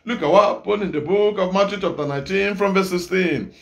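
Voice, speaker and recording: A man from Nigeria, an evangelist preaching a sermon, scolding his listeners with rhetorical questions and now and then breaking into shouts. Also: high voice, fairly quick.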